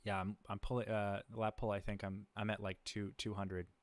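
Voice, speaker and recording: A man's voice: lowish voice, level tone, normal speed, no room sound. A man hosting a livestream, chatting casually with many fillers and restarts, chuckling now and then. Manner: laid-back, chuckles often. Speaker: livestream host.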